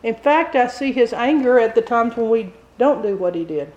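A woman preaching a sermon, telling a story with animated delivery that climbs high and loud at dramatic moments. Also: normal speed, echoey room, dull audio.

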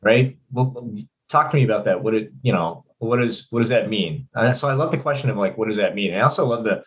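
A man hosts a podcast in a relaxed, casual way and introduces the next topic. His voice comes through a dull, slightly lo-fi recording. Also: lowish voice, fairly quick. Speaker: podcast host. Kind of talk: casual conversation.

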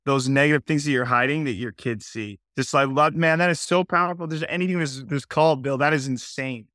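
A man's voice: medium pitch, fairly quick, bright, forceful tone, no echo, studio quality. A man co-hosting a casual podcast conversation, earnest and thoughtful.

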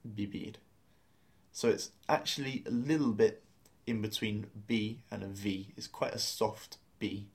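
Low-voiced man teaching patiently. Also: measured pace, few pauses. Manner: patient, methodical explanations with spelled-out letters. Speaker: language teacher. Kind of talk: explaining a lesson.

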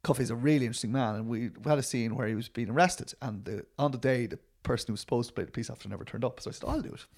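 A middle-aged man with a gravelly, creaky voice talks through his work as a documentary filmmaker. He rambles and restarts often, stacking fillers as he thinks aloud. His tone stays self-deprecating. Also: mid-range voice, rapid-fire, few pauses, a little mellow. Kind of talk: conversational interview answers.

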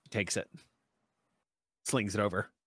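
A man's voice: on the low side, fairly even intonation, a little slow, bright, forceful tone, no echo, studio quality. A man narrating a tabletop game as game master, in a descriptive, loose way.

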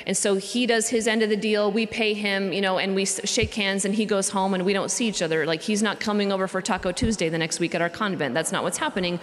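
A religious sister giving a conversational retreat talk, repeating phrases for emphasis. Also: female voice, medium pitch, fairly even intonation, quick pace, few pauses. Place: cathedral. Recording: long cathedral reverb.

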